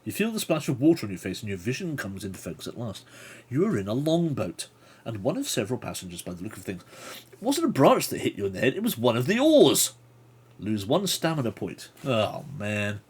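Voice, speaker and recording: With a lowish, husky voice, a man reads from a gamebook during a livestream, tossing playful, chatty remarks to his audience.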